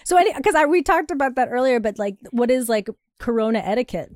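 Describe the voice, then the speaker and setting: A woman's voice: a little high, quick pace. A woman co-hosting a podcast, telling a story casually, laughing often and acting out what people said. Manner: animated storytelling, laughs often, acts out quotes. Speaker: podcast co-host. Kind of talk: casual chat. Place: Brooklyn apartment.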